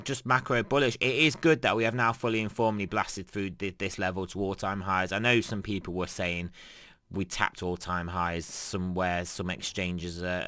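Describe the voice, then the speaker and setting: A man's voice: fairly low pitch, sharp tone, smooth, no room sound, clean studio sound. A young man giving casual, rambling market commentary, full of fillers and restarts and frequent chuckles. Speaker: crypto trading commentator.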